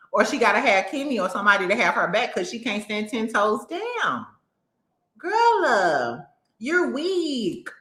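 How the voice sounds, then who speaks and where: A woman's voice: mid-range voice, fairly bright tone. Sassy blunt woman in a roomy space. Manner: blunt, sassy, cursing, mocking impressions. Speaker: reality TV commentary host. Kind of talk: casual opinionated commentary.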